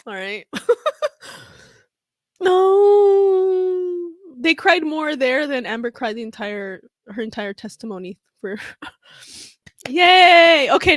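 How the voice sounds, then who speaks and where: A woman's voice: on the high side, fairly bright tone, no room sound, studio quality. A young woman chatting through a casual reaction vlog, gushing, laughing and getting teary as she talks. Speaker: comedy vlogger reacting to news footage.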